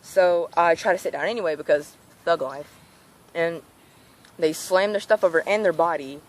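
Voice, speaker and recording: A teenage girl with a lowish voice tells a storytime rant in a casual vlog, speaking at normal speed. She's animated and acts out what people said in their own voices.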